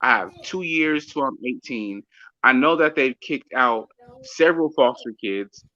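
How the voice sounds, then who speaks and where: Bright-voiced man in lo-fi chat. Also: medium pitch, lively intonation, unhurried. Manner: casual, drops in short reactions and tells of his own past. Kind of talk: casual chat. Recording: dull lo-fi sound.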